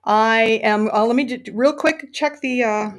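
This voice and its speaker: A woman's voice: a little high, unhurried. A woman hosting a casual livestream, chatty and enthusiastic, with many fillers. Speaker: podcast host and novelist.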